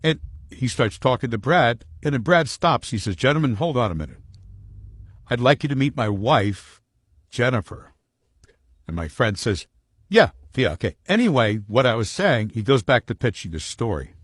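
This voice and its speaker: A man's voice: medium pitch, normal speed, husky, dry recording. A man telling a funny personal anecdote, acting out the people he quotes. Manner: animated storyteller acting out quoted lines. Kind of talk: storytelling anecdote.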